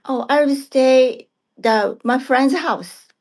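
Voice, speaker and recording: A woman practicing English conversation, hesitant and halting, often asking for repeats and answering with short backchannels. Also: high voice, a little mellow. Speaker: English learner.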